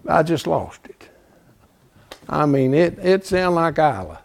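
A man's voice: a little high, takes it slowly, vocal fry, long pauses. A man in his seventies preaching, telling a folksy story with rising animation. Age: 70s. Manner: folksy, animated, builds to loud. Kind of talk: storytelling sermon.

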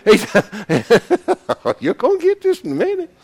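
A man teaching a Bible class in sermon style, folksy and animated, breaking into shouts to press a point. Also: sits high, slow pace.

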